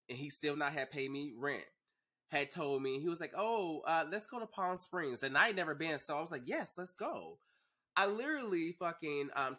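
A young man hosting a podcast, telling a story in a sassy, animated, profane way. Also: on the high side. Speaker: podcast host. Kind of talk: casual storytelling.

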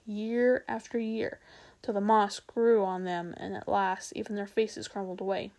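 A woman reading a children's novel aloud, expressive and unhurried, with small slips now and then. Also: fairly high pitch. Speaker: storyteller.

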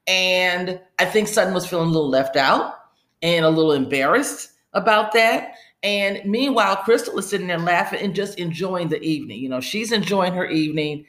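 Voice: mid-range voice, moderate pace, a bit bright. Chatty podcast host in an echoey room. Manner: chatty, rambling storyteller. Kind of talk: casual episode recap.

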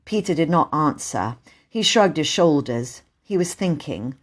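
A woman narrating a classic children's book in an expressive storytelling voice. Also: deep voice, a little slow. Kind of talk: audiobook reading.

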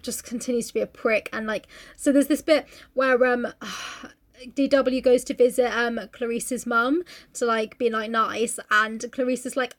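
High-voiced chatty woman. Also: normal speed. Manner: animated, swears freely, acts out characters' lines. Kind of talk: casual chat retelling a novel.

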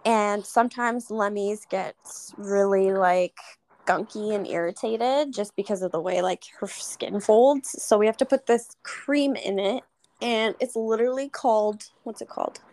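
A woman's voice: medium pitch, unhurried, a little mellow, poor audio. A young woman co-hosting a podcast, gossiping in casual chat and swearing freely. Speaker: podcast co-host.

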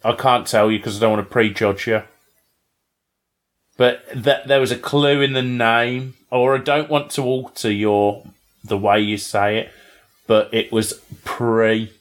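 A man's voice: mid-range voice, level tone, a little slow. A British man, co-hosting a casual chat, teasing and full of tag questions. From Britain. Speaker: podcast co-host.

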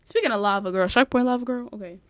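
A young woman hosts her own podcast in a loose, rambling chat, giggling and dropping fillers as she goes. Her voice sits fairly high, and the sound is dry and close with no room around it. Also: fast, no echo. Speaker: podcast host. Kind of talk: casual solo podcast chat.

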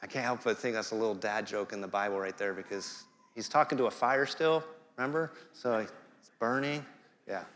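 A man's voice: lowish voice, normal speed, a bit bright, long reverb tail, slight background noise. A middle-aged man preaching a sermon in a conversational way, dropping jokey asides. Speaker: guest preacher.

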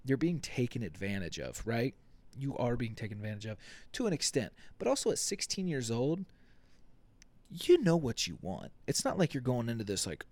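A young man hosting a casual solo podcast, rambling and swearing, acting out quick quotes with jokey asides. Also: medium pitch, very animated, a little mellow, no echo. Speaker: podcast host.

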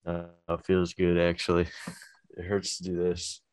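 A man's voice: low-pitched, completely flat delivery, moderate pace, darkish tone, smooth, dry recording. A man chatting casually on a podcast as a comedian guest, loose and laughing, with lots of restarts. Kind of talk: casual chat.

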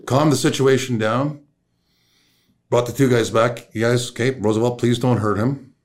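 A man's voice: medium pitch, moderate pace. A man from Canada with a Canadian accent, a podcast guest telling a story in a casual, profane way and acting out the people in it. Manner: profane, animated storyteller who acts out the people in his story.

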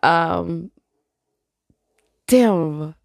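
Woman, late 20s, podcast host; low, gravelly, swears and laughs freely. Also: very slow, no room sound, clean studio sound. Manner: loose, profane, laughs often. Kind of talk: casual solo podcast chat.

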